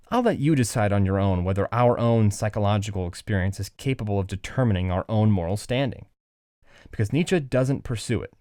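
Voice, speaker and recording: A man hosting a podcast, explaining philosophy in an animated, conversational way and acting out little voices. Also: fairly low pitch, no room sound, studio quality. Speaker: podcast host.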